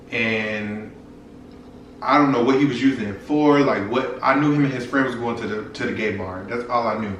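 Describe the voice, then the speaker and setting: A man's voice: mid-range voice, fairly bright tone, distant mic, dull audio, a little hiss or hum. Frank young man telling a story, echoey room. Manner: frank, profane, addresses viewers directly. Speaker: vlogger. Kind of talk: casual storytime to camera.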